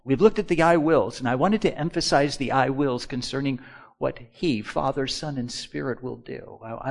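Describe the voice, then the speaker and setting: A pastor with a gravelly voice preaches a sermon, shifting from quiet, low musing to loud, slow, emphatic lines. He also leads the congregation in call-and-response.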